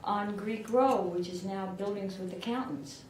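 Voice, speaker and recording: A woman's voice: medium pitch, a little slow, a little mellow. Chatty older woman in an echoey hall. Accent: rural southern Illinois. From southern Illinois. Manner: chatty, self-deprecating, laughs often. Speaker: award recipient. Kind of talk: acceptance speech. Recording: echoey room from far off, background noise.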